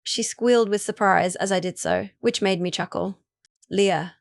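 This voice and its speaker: Woman, audiobook narrator, first-person romance story, mid pitch, even unhurried reading, dry close sound. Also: dry recording.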